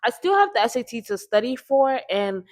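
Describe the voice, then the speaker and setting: A woman's voice: fairly high pitch, very animated, fairly quick. Teenage girl with a slight lisp. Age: teens. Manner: chatty, earnest, often repeats herself and says like. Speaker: podcast host. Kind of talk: casual faith vlog talk.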